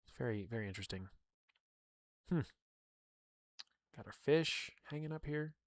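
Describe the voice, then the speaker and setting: Young male streamer, casual read-aloud with banter, mid-pitched, dead dry close mic. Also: expressive, normal speed, dry recording. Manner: reads aloud with chatty asides and laughs. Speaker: streamer reading a game book. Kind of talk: casual livestream read-through.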